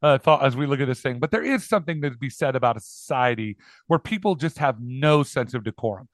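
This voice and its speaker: A man's voice: medium pitch, expressive, fast talker, dry recording. A man co-hosting a podcast, chatting casually with opinionated, mock-indignant remarks. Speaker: podcast co-host. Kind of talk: casual chat.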